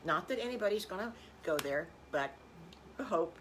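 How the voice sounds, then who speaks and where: A woman's voice: lowish voice, expressive, moderate pace, slight background noise. An older woman telling improvised children's stories, folksy with chuckling asides. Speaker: storyteller.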